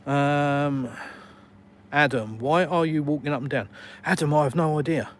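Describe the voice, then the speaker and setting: Walking outdoors and streaming live on his phone, this man from England speaks unhurriedly in a fairly high voice. He's blunt and outspoken reading out viewer comments, with casual swearing throughout.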